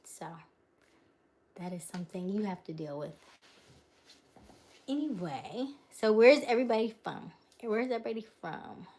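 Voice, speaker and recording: A woman's voice: medium pitch, lively intonation, normal speed, pauses often, darkish tone. Woman, livestream host, casual chat, answers viewer comments, laughs often, trails off, at home. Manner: chatty, reads and answers viewer comments aloud. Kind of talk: casual live-stream chat. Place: her home, mid-move.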